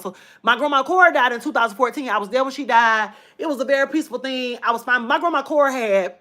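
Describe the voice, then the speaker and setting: A woman's voice: fairly high pitch, a bit bright. Emotional chatty woman. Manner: chatty, emotional, addresses viewers as y'all. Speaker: vlogger. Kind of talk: casual personal storytelling to viewers.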